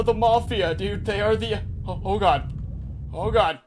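A young man commentating a game casually, excitable and swearing, with frantic outbursts. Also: sits high, slow, pauses often, a little hiss or hum. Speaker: gameplay commentator. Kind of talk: casual let's-play commentary.

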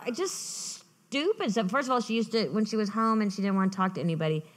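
A woman author talking as a guest in an onstage conversation at a festival. She tells lively anecdotes and often restarts her sentences. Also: mid-range voice, quick pace. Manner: lively storytelling, frequent restarts. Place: festival stage.

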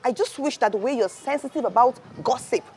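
An actress with a Nigerian accent playing a hurried, short-tempered office worker who is quick to raise her voice. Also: on the high side, darkish tone, slight background noise, close to an everyday voice. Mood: furious. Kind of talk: Nollywood film acting.

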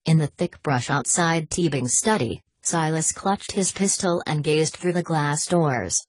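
A woman narrating an audiobook in a steady, even-paced reading voice. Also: sits low, measured pace, husky, no room sound.

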